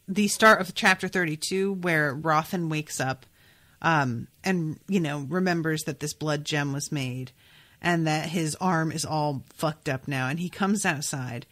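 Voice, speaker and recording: Low-voiced woman musing about a book. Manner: musing, filler-heavy, thinks out loud. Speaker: podcast host. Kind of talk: casual book discussion and reading aloud.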